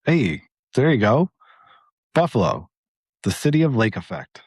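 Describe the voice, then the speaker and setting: A man in his forties talks in a mid-pitched voice, griping and poking fun at himself in loose podcast chat. His voice sits close and dry on the mic, with no room around it. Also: sing-song, measured pace, husky, dry recording. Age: 40s. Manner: self-deprecating, neurotic griping. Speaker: podcast co-host. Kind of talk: casual chat.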